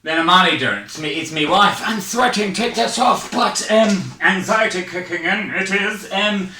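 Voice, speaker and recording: Scottish man, stand-up over webcam: high, bright, hyper and breathless, echoey room, mic at a distance. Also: lively intonation, moderate pace, slight background noise. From Scotland. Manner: hyper, rambling, self-mocking. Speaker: stand-up comedian. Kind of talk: online stand-up set. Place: his home.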